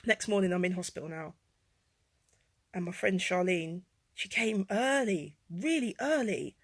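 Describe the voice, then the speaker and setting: A woman telling a personal story to camera, rambling with many fillers and jumping between quiet and loud. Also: expressive, a little slow, husky, no room sound. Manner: swings from low and quiet to loud and high-pitched. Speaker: vlogger telling her life story.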